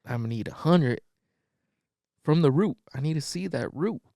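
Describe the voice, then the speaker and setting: A man voicing a controlling, smooth-talking husband who lays down his demands calmly and matter-of-factly. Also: fairly high pitch, normal speed, dry recording, studio quality, pitched above the performer's own voice. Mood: coldly demanding.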